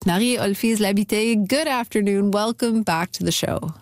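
A woman's voice: mid-range voice, normal speed, no echo. Woman radio host with dry close sound. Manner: friendly, curious questioning. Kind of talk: interviewing.

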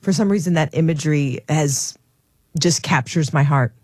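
A woman's voice: sits low, moderate pace, a little mellow, no echo, clean studio sound. A woman co-hosting a faith radio show, reacting briefly and sharing short reflective thoughts. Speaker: radio co-host. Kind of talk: casual chat.

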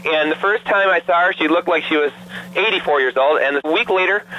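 A man speaking as a doctor guest on a radio call-in, earnest and anecdotal, with a few ums along the way. His voice is fairly high and bright, with a faint hum of noise behind it. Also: fairly quick, low-quality recording. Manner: earnest testimonial storytelling with fillers. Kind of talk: promotional radio interview.

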